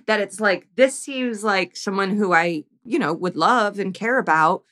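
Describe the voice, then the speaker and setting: A woman's voice: medium pitch, measured pace, a bit bright. A woman co-hosting a podcast, making wry, joking asides during a casual movie recap. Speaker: podcast co-host.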